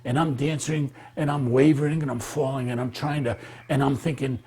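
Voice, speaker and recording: A man telling a personal memory in an animated, halting way, with many fillers and restarts. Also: medium pitch, slightly rough. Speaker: devotee recalling memories. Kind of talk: animated storytelling.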